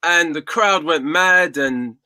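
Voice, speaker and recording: A man's voice: a little high, slow pace, bright, forceful tone, dry recording. A man in his forties, a guest singer in a casual interview, telling his story reflectively and repeating words as he thinks. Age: 40s.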